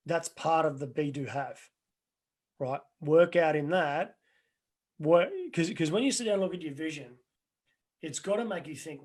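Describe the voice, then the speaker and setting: A man's voice: fairly high pitch, normal speed, pauses often, a little mellow, breathy edge. Earnest man coaching. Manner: earnest, rambling with restarts and anecdotes. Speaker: life coach. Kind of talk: webinar Q&A answers.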